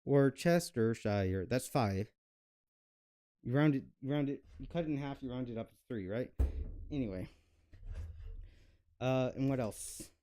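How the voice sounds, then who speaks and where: A man's voice: mid-range voice, measured pace, long pauses, mellow. A young man hosting a cooking video, chatting casually and rambling with lots of fillers and self-mocking jokes. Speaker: cooking channel host. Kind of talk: casual cooking vlog chat.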